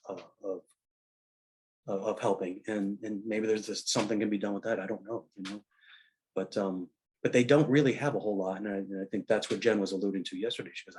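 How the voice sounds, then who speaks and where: A middle-aged man and military veteran in casual conversation, telling stories in a halting way full of fillers and restarts. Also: fairly low pitch. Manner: rambling anecdotal storyteller.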